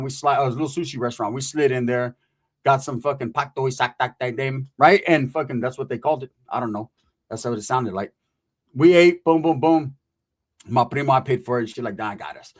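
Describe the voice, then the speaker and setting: A man telling a profane comic story, acting out the people he quotes. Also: fairly high pitch. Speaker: storyteller comedian.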